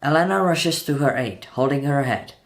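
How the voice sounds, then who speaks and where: A man's voice: mid-range voice, expressive, moderate pace. A man retelling a horror film scene by scene in a tense, dramatic narration, voicing the sound effects himself. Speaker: channel host narrating a film breakdown.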